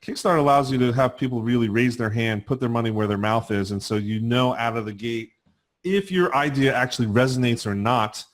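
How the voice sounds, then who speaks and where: A man's voice: mid-range voice, brisk. A man with a New Jersey accent hosting a podcast, asking long conversational questions with many fillers. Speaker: podcast host. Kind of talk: casual interview.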